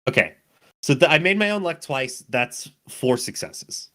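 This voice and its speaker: A man's voice: fairly high pitch, expressive, a little slow, bright, forceful tone. A man playing in a tabletop game, joking and reacting to dice rolls. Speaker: player. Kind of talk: casual tabletop game chat.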